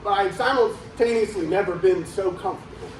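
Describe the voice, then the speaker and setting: A man's voice: sits high, a little fast. A man telling a mock-sincere comic story in a live venue, slipping in fake ad reads. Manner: deadpan mock-sincere storytelling, breaking into laughs. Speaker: comedic performer. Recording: echoey room with music and crowd. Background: music and crowd noise.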